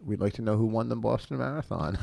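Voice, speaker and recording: A man's voice: on the low side, fast, a little mellow. A middle-aged man, a stand-up comic, rambling and swearing through casual podcast banter. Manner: rambling, profane, gruff banter. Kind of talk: casual chat.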